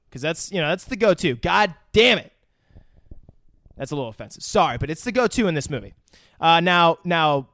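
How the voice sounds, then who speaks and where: A man's voice: fairly high pitch, fairly bright tone, no echo. A man co-hosting a film review podcast, retelling scenes in a rambling, profane, casual way. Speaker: podcast co-host.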